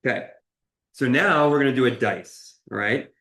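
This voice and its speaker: A man's voice: mid-range voice, normal speed, a bit bright, roomy sound. A man chef teaching a cooking lesson, talking through each cut in an encouraging way and often checking in with "okay?". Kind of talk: cooking demonstration. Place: kitchen.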